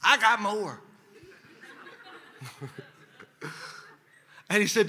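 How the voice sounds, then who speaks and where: A man preaching a sermon as pastor, telling a personal story with lively asides and humor. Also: high voice, normal speed, a little hiss or hum. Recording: large hall with long reverb.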